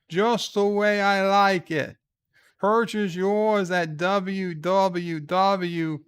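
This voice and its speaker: Brash Australian pitchman, a man doing the voice, slow, gravelly, hamming up the ad. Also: exaggerated voice. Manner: loud, drawn-out ad pitch.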